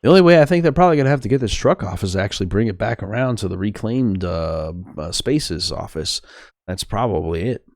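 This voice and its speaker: Chatty man narrating a game, lively voice. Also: lowish voice, brisk, no echo. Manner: chatty, thinking aloud, self-correcting. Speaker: gaming channel host. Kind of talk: let's play commentary.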